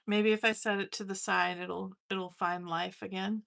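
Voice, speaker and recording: A woman's voice: medium pitch, flat delivery, normal speed, creaky, fairly bright tone. A young woman chatting casually while painting on a live stream, laughing often and poking fun at herself. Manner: chatty, laughing, self-mocking. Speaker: watercolor artist streaming live.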